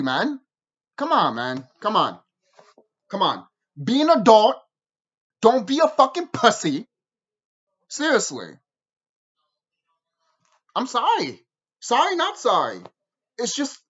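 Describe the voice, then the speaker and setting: Woman, profane ranting vlog, swooping pitch, many ums, muffled audio. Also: breathy edge. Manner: animated, profane ranting with many fillers and restarts. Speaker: show reviewer.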